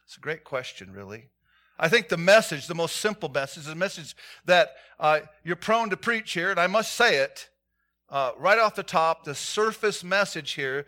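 Male pastor, sermon, bright voice, a bit high, swings loud to quiet, church service. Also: moderate pace. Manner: animated storytelling, swings from loud to hushed.

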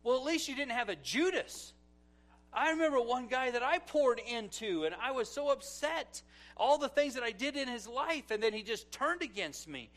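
High-voiced male pastor preaching dramatically. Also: expressive, moderate pace. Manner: dramatic swings from loud exclamations to hushed asides, storytelling with acted quotes. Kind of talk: sermon.

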